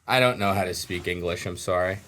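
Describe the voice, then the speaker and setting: A man's voice: deep voice, fairly quick. A man from New Jersey co-hosting a casual comedy podcast, joking and laughing a lot. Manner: lively, jokey, laughs a lot. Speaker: podcast co-host.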